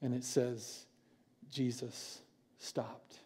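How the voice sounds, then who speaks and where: A man preaching a sermon in church, earnest and pausing for effect. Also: mid-range voice, level tone, husky. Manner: earnest, with dramatic pauses and quieter passages. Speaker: pastor.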